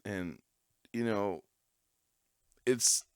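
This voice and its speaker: On a dry, clean studio recording, a podcast host speaks very slowly in a low, darkish, smooth voice. His casual monologue is a wandering, foul-mouthed story, and he laughs at his own jokes.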